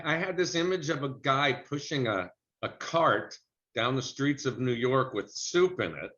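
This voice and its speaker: His mid-range voice sounds pushed and bright as this middle-aged man shares an acting-career story during an interview. Chatty and anecdotal, he slips into character voices for quotes, heard through muffled, lo-fi audio.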